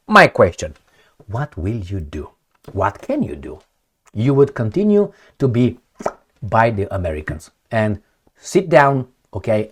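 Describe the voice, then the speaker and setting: A man with a Romanian accent hosts a casual commentary show. His voice swings widely in pitch as he talks. He is blunt and crude, and he mocks the people he talks about. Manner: blunt and crude, with mocking asides; shows a map while talking. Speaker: political commentator host.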